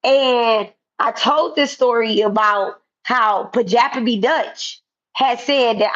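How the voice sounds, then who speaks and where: A woman's voice: on the high side, takes it slowly, a bit bright. Blunt, confrontational woman on lo-fi audio. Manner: blunt, confrontational, repetitive, casual profanity. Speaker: spiritual content creator. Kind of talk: direct-to-camera callout vlog. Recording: dull lo-fi sound.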